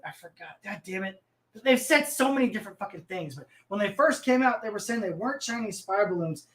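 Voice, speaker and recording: A man's voice: high-pitched, bright, forceful tone. A man in his thirties hosting a livestream, ranting about the news in a profane, rambling way and reading the chat. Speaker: host.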